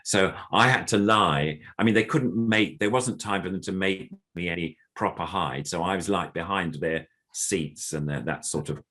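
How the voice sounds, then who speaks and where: Speaking in a low, bright, forceful voice at normal speed with hardly any pauses, an older puppeteer guest shares a casual story. He rambles, uses lots of fillers, and performs the lines of the other people in it.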